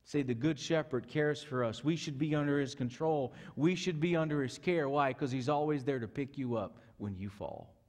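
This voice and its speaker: A male pastor preaching a sermon earnestly, moving from loud urgency to soft, hushed passages. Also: mid-range voice, moderate pace, few pauses. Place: church sanctuary. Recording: echoey church hall.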